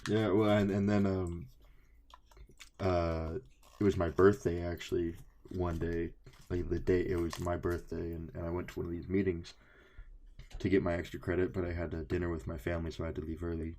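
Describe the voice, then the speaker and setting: A man's voice: low voice, flat delivery, a little fast, dark tone. A young man co-hosting a podcast, telling a story in casual chat, swearing freely and slipping into voices of the people he quotes. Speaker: podcast co-host.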